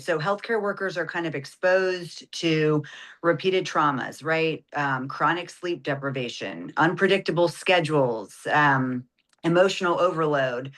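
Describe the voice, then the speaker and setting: A woman's voice: low voice, fairly bright tone. A woman, an ER nurse guest, explaining in a radio interview and often adding "right?" and "like".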